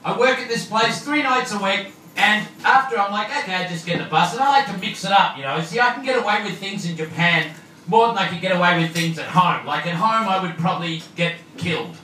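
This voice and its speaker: A man's voice: high-pitched, a little fast, bright, forceful tone. An Australian man doing a loose, joking stand-up comedy set on a club stage. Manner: loose, joking, mixes in Japanese. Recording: echoey room from far off, noisy.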